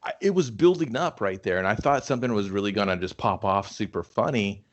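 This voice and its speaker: A man's voice: fairly low pitch, a little fast. A man co-hosting a casual movie review chat, laughing often and acting out characters. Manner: laughing, acts out characters in playful voices. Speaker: podcast co-host, movie reviewer.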